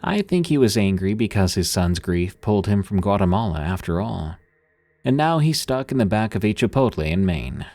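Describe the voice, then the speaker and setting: Male horror-story narrator, very low voice, scripted and steady. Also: moderate pace, no room sound, soft background music.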